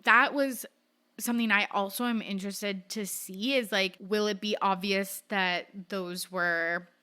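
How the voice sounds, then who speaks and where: A woman's voice: mid-range voice, steady tone, unhurried, pushed and bright, clean tone. A young woman hosting a pop culture podcast, chatting casually and gossiping with lots of fillers. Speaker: podcast host. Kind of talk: casual chat.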